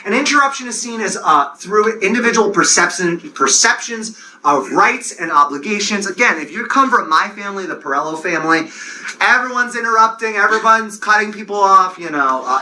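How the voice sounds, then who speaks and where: Male lecturer, Long Island accent, bouncy intonation, sharp bright tone, chatty tangents. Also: high voice, brisk, a little hiss or hum, rough recording. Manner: animated, digressive, jokey asides. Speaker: university lecturer. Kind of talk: classroom lecture.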